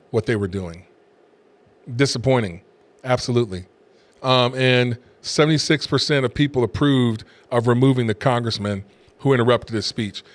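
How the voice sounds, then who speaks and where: Emphatic man doing commentary to camera. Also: medium pitch. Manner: emphatic, repetitive, scornful asides. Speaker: pastor and show host. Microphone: camera facing speaker.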